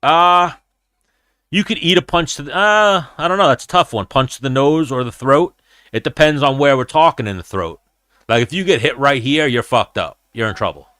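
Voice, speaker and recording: Bright-voiced man telling fight stories. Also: mid-range voice, normal speed, no room sound. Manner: animated, profane storytelling. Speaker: live-stream host and former fighter. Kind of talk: casual live-stream fight chat.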